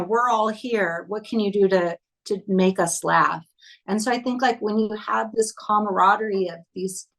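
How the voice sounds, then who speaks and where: A woman's voice: mid-range voice, low-quality recording. A woman film director, a guest on an interview show, telling anecdotes from a film set and acting out the lines of the people she quotes. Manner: animated, acts out quoted dialogue. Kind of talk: casual interview storytelling.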